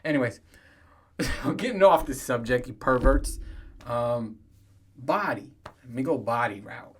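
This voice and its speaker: A man's voice: mid-range voice, lively intonation, measured pace, slight background noise. A man in his thirties hosting a podcast, telling crude stories on his own with heavy swearing and frequent laughter. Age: 30s. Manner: profane, storytelling, laughs often. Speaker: podcast host. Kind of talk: casual solo monologue.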